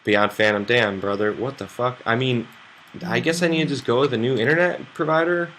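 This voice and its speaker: Bright-voiced chatty young man streaming. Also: medium pitch, a little fast, slight background noise. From United States. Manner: rambling, loose and chatty, swears freely. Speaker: poker streamer. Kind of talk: casual live-stream chat to viewers.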